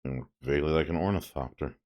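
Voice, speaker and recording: A man's voice: a bass voice, fast talker, darkish tone. A male streamer giving chatty, amused game commentary, thinking aloud as he plays.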